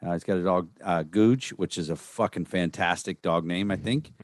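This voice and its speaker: A man with a very deep voice hosts a podcast in a loose, easygoing way, pausing on fillers as he talks. The recording is dry and close. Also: dry recording. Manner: relaxed, rambling, many "uh" and "um" fillers. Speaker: podcast co-host. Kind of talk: casual chat.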